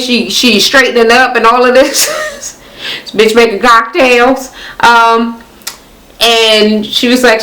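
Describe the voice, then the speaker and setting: A woman's voice: fairly bright tone, low-quality recording. Sassy, profane woman ranting a TV recap. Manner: sassy, profane, acts out cast members in high mocking voices. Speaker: reality TV recap vlogger. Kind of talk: casual recap rant.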